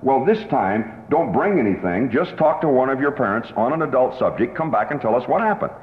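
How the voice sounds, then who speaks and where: A man's voice: medium pitch, lively intonation, brisk, close to an everyday voice. A man voicing a stern middle-aged female schoolteacher, giving instructions in a precise, instructive way. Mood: instructing. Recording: roomy hall, dull lo-fi tape.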